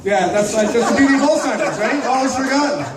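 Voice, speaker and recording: A man's voice: very high-pitched, expressive, brisk, crowd noise. A man from Ontario hosting a stand-up comedy night, crude and teasing, bantering with the audience in a small club. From Ontario, Canada. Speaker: comedy show host. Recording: echoey club, from far off, faint noise.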